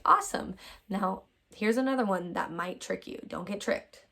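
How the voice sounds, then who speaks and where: Woman teacher, mid-pitch, cheerful, drawn-out phonics sounds for little kids. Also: gravelly, sharp tone. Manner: upbeat, exaggerated sounding-out, calls students my friends. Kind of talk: phonics lesson for young children.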